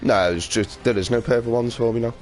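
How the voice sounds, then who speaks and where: A man's voice: medium pitch, a little fast, darkish tone. A young man with a Merseyside accent chatting and joking while streaming a game, laughing and swearing in easy banter. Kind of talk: casual chat while gaming.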